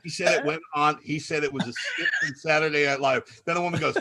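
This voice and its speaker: Male co-host, slightly high voice, animated comic storyteller. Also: quick pace. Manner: animated, acts out voices in his stories.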